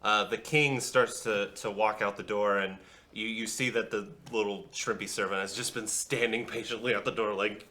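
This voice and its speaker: A man's voice: lowish voice, steady tone, normal speed, pushed and bright, a little hiss or hum. A man narrating as game master of a tabletop fantasy game, loose and rambling with many fillers.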